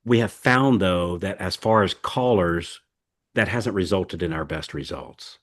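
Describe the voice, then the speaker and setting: Male podcast host, lowish voice, folksy and rambling, lots of fillers. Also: measured pace. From United States. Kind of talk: casual podcast chat.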